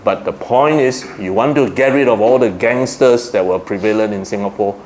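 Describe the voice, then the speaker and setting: Malaysian guy doing a dhamma talk, lowish voice, asks the crowd stuff then answers it, bit of hiss behind. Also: normal speed, hardly any pauses, a little mellow. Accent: Malaysian English. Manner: asks the audience questions and answers them himself. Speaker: Buddhist Dhamma speaker. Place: Buddhist society hall.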